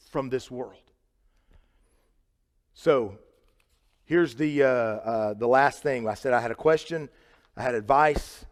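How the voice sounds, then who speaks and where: A man preaching a sermon in a church, earnest and conversational, swinging between loud emphasis and quiet asides. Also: mid-range voice. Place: church sanctuary. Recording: reverberant church hall.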